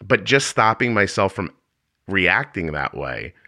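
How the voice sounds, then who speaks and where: A man's voice: sits low, very animated, unhurried, sharp tone, dry recording, clean studio sound. A man hosting a podcast interview, asking earnest, searching questions in a conversational way with frequent restarts. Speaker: podcast host.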